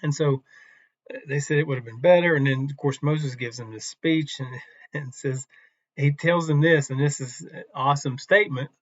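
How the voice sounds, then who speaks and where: A man teaching from the Bible in a relaxed, conversational devotional talk, unhurried and with some restarts. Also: medium pitch, no room sound, muffled recording.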